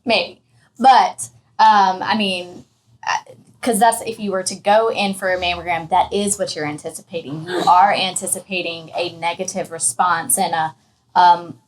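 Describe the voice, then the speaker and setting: A woman hosting a casual interview, speaking haltingly and searching for words. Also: fairly low pitch, fairly even intonation, a little hiss or hum, rough recording. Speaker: interview host.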